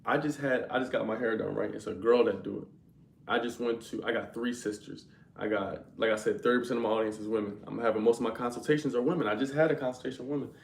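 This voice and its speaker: A man's voice: fairly low pitch, steady tone, quick pace, gravelly, roomy sound, a little hiss or hum. A young man hosting a livestream, talking loosely and slangily straight to his viewers' chat. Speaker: livestream host.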